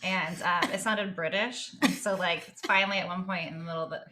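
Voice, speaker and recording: A woman in her forties co-hosting a podcast in casual chat, upbeat and playful with quick asides. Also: on the low side, fairly even intonation, bright, forceful tone, a little hiss or hum. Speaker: podcast co-host.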